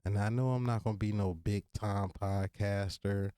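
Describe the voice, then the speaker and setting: A man in his thirties with a Virginia accent speaks to his listeners in a solo podcast, casual and full of slang but sincere. His voice sits a little low and sounds warm and mellow. The sound is dry and close, with no room echo. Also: steady tone, moderate pace, smooth. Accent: Virginia, Southern US. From Virginia, USA. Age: 30s. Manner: casual, earnest, slangy, direct address to listeners. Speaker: podcast host.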